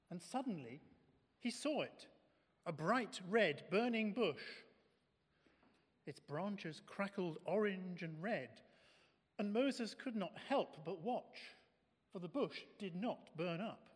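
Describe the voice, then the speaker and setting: A man reading a children's Bible story aloud in a church, slow and expressive. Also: sits high. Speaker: reader. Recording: echoey hall.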